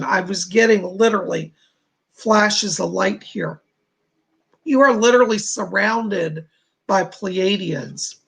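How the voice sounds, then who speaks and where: Man, psychic livestream host, gravelly, husky, reassuring, chatty. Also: high voice, fairly bright tone. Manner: reassuring, addresses viewers by name, many fillers. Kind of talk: livestream readings, answering viewer donations.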